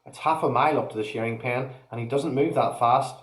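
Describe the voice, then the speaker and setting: A man voicing a sharp, nervous young girl who speaks hesitantly, in an echoey room. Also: mid-range voice, brisk, natural voice.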